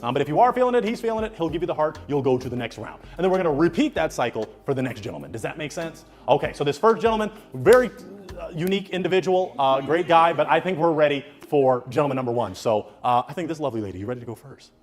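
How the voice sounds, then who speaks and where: Guy hosting a dating game, hype sing-song patter, pitch bouncing all over. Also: fast, few pauses. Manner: animated, sing-song hype with playful asides. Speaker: host. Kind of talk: hyped dating-show hosting.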